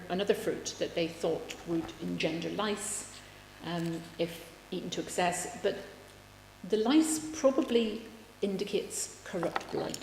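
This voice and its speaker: A woman's voice: on the low side, creaky. A woman giving a public lecture, wry in tone, reading quotations aloud with emphasis. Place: large lecture room. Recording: echoey hall, faint background hum.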